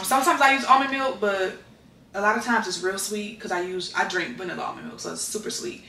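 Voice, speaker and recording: A young woman with a mid-range voice records a candid, chatty vlog at home, talking straight to her audience. There's background noise, and the distant mic in the roomy indoor space makes it echoey.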